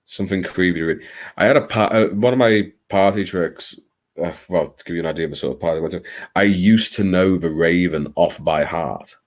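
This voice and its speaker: A man's voice: low voice, brisk. A man hosting a late-night live stream, chatting in a theatrical, rambling, self-mocking way.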